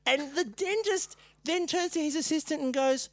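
A podcast co-host telling a story in casual chat, animated, laughing often and swearing freely. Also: high-pitched, moderate pace, hardly any pauses, dry recording, studio quality.

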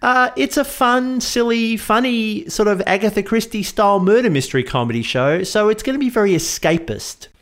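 A man hosting a casual comedy podcast, quick with jokes. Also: high voice, expressive, fairly bright tone. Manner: jokey, quick quips. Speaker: podcast host.

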